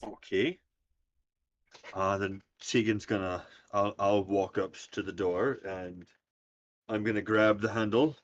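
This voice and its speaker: A man's voice: lowish voice, fairly even intonation, slow. A man playing a tabletop game in a wry, playful way. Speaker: player. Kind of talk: casual tabletop play. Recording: dull lo-fi sound.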